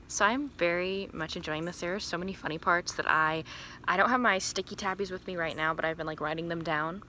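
Out in the sun, a woman in her early twenties talks about the book she's reading for her book vlog, speaking fairly quickly in a fairly low, pushed and bright voice. She giggles a lot and leans heavily on "like," with slight background noise.

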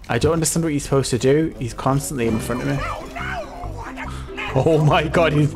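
A young woman giving let's play commentary, excitable and given to swearing, jumping between squeals and low mutters. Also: moderate pace, vocal fry. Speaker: gaming YouTuber. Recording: game music playing behind.

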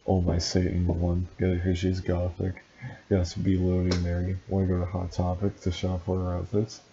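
A man's voice: sits low, normal speed, lo-fi sound, slight background noise. A man reading a story aloud for laughs, breaking in with dry, sarcastic asides. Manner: deadpan, dryly mocking. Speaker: reader and commentator.

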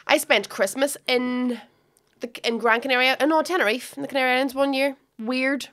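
A young woman hosting a podcast, teasing her guest and quick to laugh. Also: sits high, steady tone, fairly bright tone. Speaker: podcast host. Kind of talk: casual chat.

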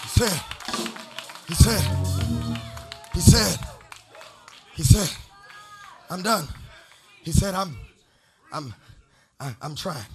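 Bishop preaching, male, very high register, chanting and shouting, music under him. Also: animated, slow, pauses often. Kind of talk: sermon. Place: studio with congregation.

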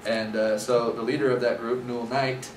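A man speaks at a moderate pace in a mid-range voice with little pitch variation, teaching scripture by telling the history casually, laden with fillers. Recorded from a distance, the sound is roomy and noisy.

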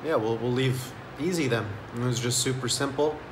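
A man's voice: medium pitch, brisk, roomy sound, a little hiss or hum. A man telling a story in a casual vlog, laid-back and rambling, with lots of "like". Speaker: vlogger.

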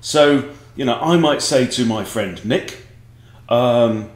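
A man's voice: medium pitch, slow. A man teaching chess in a casual online lesson, rambling and joking with digressions. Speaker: chess coach. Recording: echoey room.

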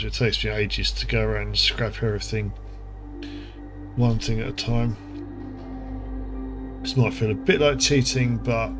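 A man, hosting a casual gameplay commentary, chatty and rambling, with lots of fillers and asides. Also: fairly low pitch. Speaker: gaming channel host. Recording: music playing underneath.

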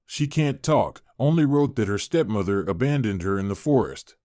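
A man's voice: on the low side, expressive, moderate pace, dry recording, clean studio sound, natural voice. A man voicing a huge, strong and kind forest man who speaks encouragingly, in a storybook reading. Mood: earnest. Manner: warm, encouraging. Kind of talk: storybook narration.

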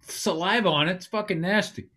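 A man's voice: high voice, brisk, bright, forceful tone. A man hosting a casual podcast as a comedian, blunt and profane, needling his co-host.

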